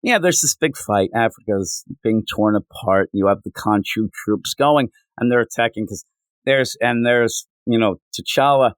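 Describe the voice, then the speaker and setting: A man co-hosting a casual comics podcast, rambling as he retells scenes with quick paraphrased quotes. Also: lowish voice, no echo. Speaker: podcast co-host reviewing comics. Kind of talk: casual chat.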